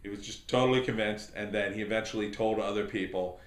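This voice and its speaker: A man's voice: fairly low pitch, fast, reverberant. A middle-aged man hosting a podcast, telling a long anecdote in a casual, rambling way. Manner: rambling anecdotal, animated quoted voices. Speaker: podcast host. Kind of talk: casual storytelling commentary.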